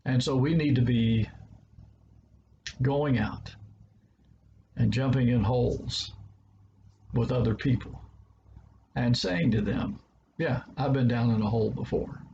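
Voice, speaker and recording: A man's voice: mid-range voice, gravelly, a little mellow, lo-fi sound, slight background noise. A man preacher with a Southern American accent giving a short devotional talk, earnest and stressing words by repeating them.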